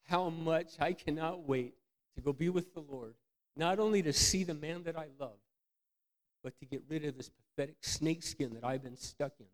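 A man preaching a candid, self-mocking storytelling sermon, swinging from loud outbursts to near-whispers. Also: fairly high pitch. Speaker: pastor.

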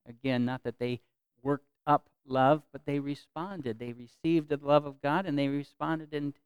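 A man preaching a sermon as pastor, earnest, repeating phrases for emphasis and swinging from loud to soft. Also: on the high side, fairly even intonation, a little slow, smooth, dry recording, dull audio.

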